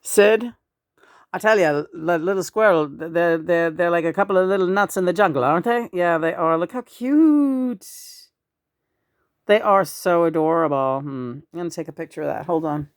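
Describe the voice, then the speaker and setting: A woman's voice: on the low side, fairly quick, no echo, clean studio sound. A woman in her sixties chatting casually in a rambling, profane way, often breaking into chuckles. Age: 60s. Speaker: vlogger.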